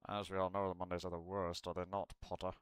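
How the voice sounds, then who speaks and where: A man's voice: sits low, level tone, clear, resonant tone, no echo, voice pushed down, close to an everyday voice. Snape, a man's impression of a sneering wizard teacher. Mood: disdainful. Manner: cold, slow, contemptuous drawl. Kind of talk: impression in a livestream.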